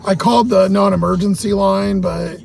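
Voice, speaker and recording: A man's high-pitched, slightly mellow voice with vocal fry holds a steady tone at a moderate pace over soft background music. Hosting a livestream, he tells a long, agitated story full of heavy cursing in a casual storytelling rant.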